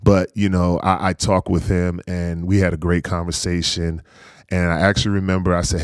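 A man in his forties from North Carolina, a former pro football player, recalls old games in an easygoing way. His voice is deep and the sound is close and dry. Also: normal speed, clean tone, dry recording. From North Carolina, USA. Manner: easygoing, animated anecdotes with frequent laughs. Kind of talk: casual storytelling interview.

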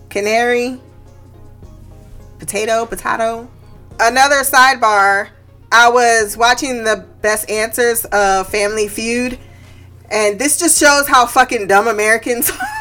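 Woman podcast host with a high voice, loose and profane, breaking into laughter, faint music underneath. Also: bright, forceful tone. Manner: laughs often, swears freely, goes off on tangents. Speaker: podcast host recapping a TV episode. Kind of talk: casual chat.

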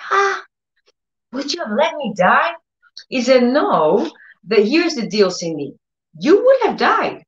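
A woman teaching on faith and healing with passion, acting out the voices of doubters and repeating phrases for emphasis. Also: fairly high pitch. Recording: roomy, slightly dull audio.

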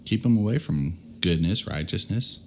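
Brief: man with a very deep voice, co-host, emphatic and eager in chat. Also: expressive, normal speed, a little mellow, a little hiss or hum. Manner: enthusiastic, emphatic, finishes the other's sentences. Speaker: podcast co-host. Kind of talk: casual chat.

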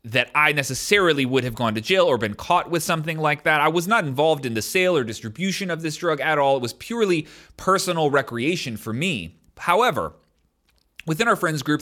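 Give me a lively man telling a story casually, leaning on filler words, pitch swinging up and down. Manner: loose, conversational, many "like" fillers. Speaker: storyteller sharing a personal experience.

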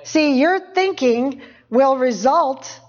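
A woman's voice: high voice, animated, slow pace, a little mellow. A woman preacher giving an informal sermon, chatty, laughing often and repeating phrases for emphasis. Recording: dull lo-fi recording.

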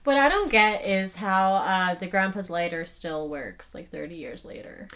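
A woman co-hosting a casual movie podcast, chatty and animated. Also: on the low side. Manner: chatty, animated, quick to laugh. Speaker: podcast co-host. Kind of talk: casual film discussion.

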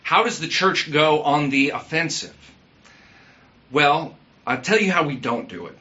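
A man's voice: a little high, expressive, measured pace, bright, forceful tone, muffled recording, slight background noise. A man preaching a sermon in a conversational way, asking the congregation questions and using everyday fillers. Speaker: pastor.

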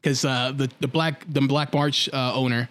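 A man's voice: mid-range voice, normal speed, clean tone. A man co-hosting a comedy podcast, swearing freely and acting out characters' lines as he recaps. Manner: profane, animated, acts out characters' lines. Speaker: podcast co-host. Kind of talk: casual comedy chat.

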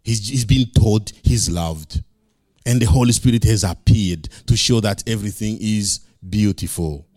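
A man's voice: lowish voice, a little slow, darkish tone, no echo, clean studio sound. A male pastor preaching a sermon, emphatic and repeating key phrases.

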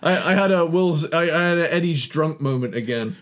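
A man's voice: fairly high pitch, a bit bright. Laid-back man co-hosting a music podcast. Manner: laughs often, halting restarts. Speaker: podcast co-host. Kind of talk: casual chat about albums.

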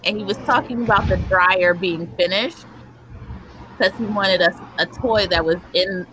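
A woman with a medium-pitched voice speaks unhurriedly over some background noise. She hosts a casual group chat for parents, telling stories in a chatty way and laughing often.

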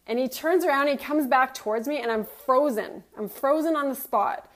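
A woman's voice: high voice, normal speed. A middle-aged woman, a motivational speaker, telling a personal story and acting out her own thoughts. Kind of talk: personal story told to an audience.

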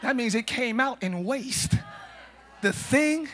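A male pastor preaching a lively sermon in a church, animated and joking, breaking into shouts. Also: very high voice, slow pace, noisy background. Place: church service. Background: congregation responding.

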